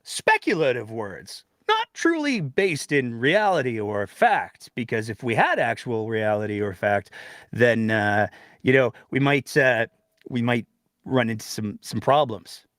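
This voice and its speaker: A man's voice: medium pitch, unhurried, dry recording, studio quality. A man hosting a political commentary show, talking in a sarcastic, opinionated way. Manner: sarcastic, animated, puts on mocking voices.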